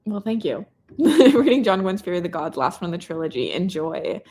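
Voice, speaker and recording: A woman's voice: lowish voice, big pitch swings, brisk, dark tone. A young Canadian woman hosting a casual live reading stream, reading out viewer comments in a bubbly, chatty way. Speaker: booktuber reading chat host.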